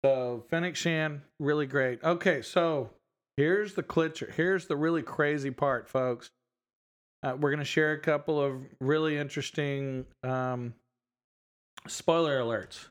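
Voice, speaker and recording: A man's voice: a little high, measured pace. A man co-hosting a podcast in casual chat, talking about a show with many restarts and frequent laughs. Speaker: podcast co-host.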